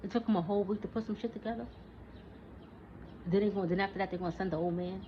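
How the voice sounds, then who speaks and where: A woman in her forties delivers a heated, profanity-laced rant straight to the camera, arguing with a listener who isn't there. Her pitch sits in an ordinary middle range. The recording sounds dull and lo-fi, with a faint hiss underneath. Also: fairly even intonation, fast. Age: 40s. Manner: profane, heated, talks back to an imagined listener. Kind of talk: casual ranting monologue.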